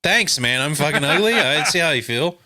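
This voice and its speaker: A man's voice: on the high side, expressive, brisk, sharp tone, dry recording, clean studio sound. A man hosting a casual movie review podcast, blunt and wry, swearing freely. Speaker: podcast host.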